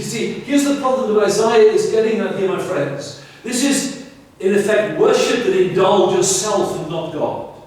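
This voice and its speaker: Recorded from afar in a very reverberant church sanctuary, a male pastor with a high, slightly mellow voice delivers an emphatic sermon. He keeps challenging his listeners through rhetorical questions.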